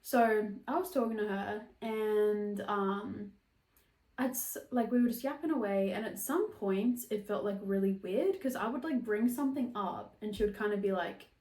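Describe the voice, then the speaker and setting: A woman's voice: mid-range voice, moderate pace, darkish tone, far from the mic. Young woman, casual storytelling, chatty, swears freely, roomy echoey sound. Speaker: podcast host. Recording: roomy echo.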